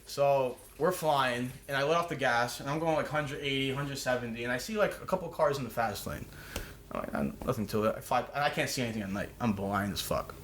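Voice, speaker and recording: A man's voice: mid-range voice, fairly quick, a bit bright, slight background noise. A man telling a rambling, profane story as a podcast guest, restarting his sentences often. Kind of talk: casual storytelling. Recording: roomy echo.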